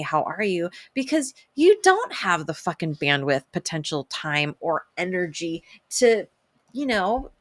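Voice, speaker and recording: A woman's voice: mid-range voice, dry recording. A woman giving brash, profane self-help advice in a casual monologue, laughing often and quoting others in a playful sing-song.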